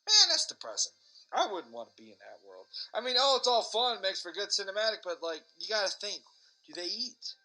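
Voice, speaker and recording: Man, podcast host, rambling profane rant, tense bright tone, a bit high, faint music under. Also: big pitch swings, brisk, low-quality recording. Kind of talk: casual rambling monologue.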